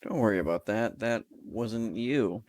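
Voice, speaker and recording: Brisk young woman detective in a game, read aloud by a man, low and unhurried. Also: darkish tone, close to an everyday voice. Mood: concerned.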